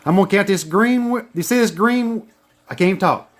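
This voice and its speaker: A man's voice: sits high, normal speed. A man teaching chart reading in a casual screen-share lesson. He is emphatic and profane, and he repeats his points. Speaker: trading educator.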